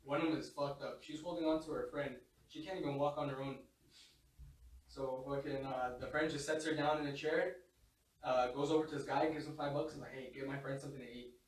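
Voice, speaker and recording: A man's voice: mid-range voice, steady tone, a little fast. Young guy telling crazy work stories, cussing a ton, echoey room, mic kinda far. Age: young adult. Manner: swears a lot, laughs while telling stories. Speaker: podcast guest. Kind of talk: casual storytelling chat.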